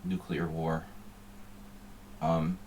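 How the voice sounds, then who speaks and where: Deep-voiced man chatting offhand. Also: level tone, drawn-out words, darkish tone, slight background noise. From United States. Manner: rambling, offhand and wry. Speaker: chess streamer. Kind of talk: casual chat while playing online chess.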